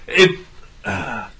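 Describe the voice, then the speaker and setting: A man co-hosting a podcast in casual chat, wry and given to joking rants. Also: mid-range voice. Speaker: podcast co-host.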